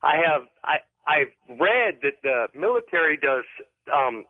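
A man's fairly high voice comes through a narrow phone line as he calls in to a radio show. He rambles and hesitates often, filling gaps with ums and restarting sentences. The line sounds dry and close. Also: very animated, a little slow, no room sound. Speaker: caller. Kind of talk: telling a story on a radio call-in show.

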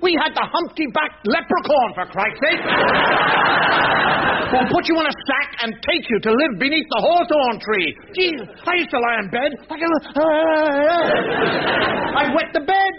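An older man doing stand-up storytelling, acting out his parents' voices in animated, exasperated rants. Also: very high-pitched, moderate pace, a loud crowd, heavy background noise. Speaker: stand-up comedian. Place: theatre stage with audience. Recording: dull lo-fi live recording with loud audience.

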